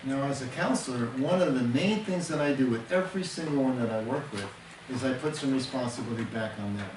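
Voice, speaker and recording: A male counselor talks earnestly in a plain, mid-range voice, often repeating a word for emphasis as he teaches. He sits away from the microphone in a reverberant room, and steady background noise runs under his speech. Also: mid-range voice, quick pace. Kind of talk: conversational teaching talk. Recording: roomy, distant mic with background noise.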